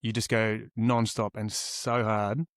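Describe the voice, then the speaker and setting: A man's voice: on the low side, level tone, slow, clear, resonant tone, no room sound. Chatty Australian man, dry close sound. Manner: chatty, laughs easily, rambling explanations. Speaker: podcast co-host. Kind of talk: casual chat.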